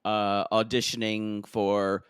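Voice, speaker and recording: A man co-hosting a casual reality-TV recap podcast, jokey and animated, often mimicking the cast in high mocking voices. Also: slow pace, clean tone, no room sound, clean studio sound. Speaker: podcast co-host.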